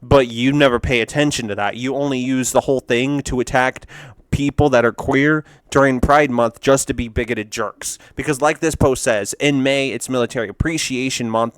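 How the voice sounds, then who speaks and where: A man riffs through casual meme commentary in a rambling, frank manner, full of fillers and restarts. His voice is smooth and clear at a middle pitch. The sound is close and dry, with no room around it. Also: no room sound. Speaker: video host reacting to memes.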